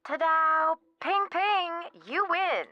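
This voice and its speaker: A woman's voice: extremely high pitch, drawn-out words, highs cut off, heavily acted. An actress voicing a flippant, sarcastic young woman artist in a video game, full of slang. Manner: sarcastic, valley-girl slang.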